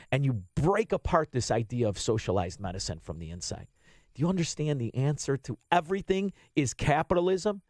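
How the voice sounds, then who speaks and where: A man's voice: a little high, no room sound. A man hosting a political talk radio show, blunt and combative, swearing freely.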